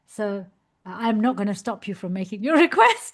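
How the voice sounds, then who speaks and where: Woman, fairly high voice, warm animated storyteller for a spiritual class on a call. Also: moderate pace. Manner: animated storytelling, laughs often. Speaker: speaker giving a class. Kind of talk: devotional class talk.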